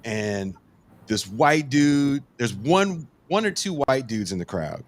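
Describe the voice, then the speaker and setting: A man's voice: medium pitch, big pitch swings, takes it slowly. A man from the US West Coast telling a casual podcast anecdote, acting out quotes and swearing freely.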